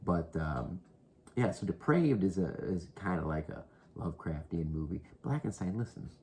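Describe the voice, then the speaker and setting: A man's voice: sits low, animated, normal speed, mellow, a little hiss or hum. A man casually rambling through horror movie recommendations, profane and half-whispered, talking close to the mic at home. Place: indoors at home.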